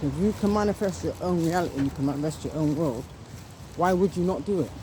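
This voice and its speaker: Woman vlogger, indignant and emphatic, cursing freely; noisy home recording. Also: fairly low pitch. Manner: indignant, emphatic, repeats itself, swears. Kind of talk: angry monologue to camera.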